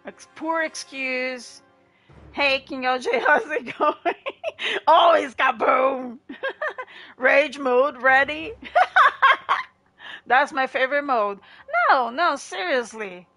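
High, bright, excitable woman streamer. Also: slow pace, long pauses, faint music behind. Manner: excitable, swears and yells at other players; talks to chat between rounds. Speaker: gaming livestreamer. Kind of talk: live gameplay commentary.

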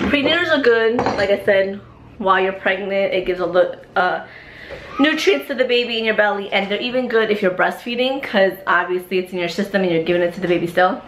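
A woman's voice: mid-range voice, echoey room, noisy background. A pregnant woman vlogging in casual chat, giggly and rambling as she talks to her viewers at home.

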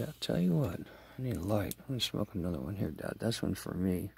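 A man with a gravelly, husky voice talks straight to camera in a rambling vlog monologue. He speaks aloud to his late father, and his loudness keeps swinging from murmurs to near-shouts. The sound is close and dry. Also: low-pitched, big pitch swings, brisk, no echo.

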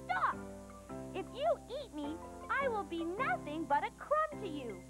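A tiny, brave mouse with a squeaky, very high voice, as a woman puts him on. He argues boldly and sensibly in a children's storybook, with music playing behind him. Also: very animated, measured pace, full character voice.

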